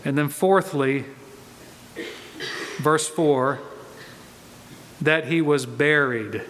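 Male pastor, emphatic sermon delivery, repeats key phrases, slightly high voice, long hall reverb. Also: very slow, a bit bright, slight background noise.

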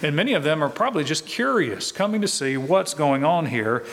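A pastor preaching a verse-by-verse sermon, teaching in a conversational way and asking rhetorical questions. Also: male voice, a little high, very animated, a little fast, fairly bright tone, in a large hall. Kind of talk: expository sermon.

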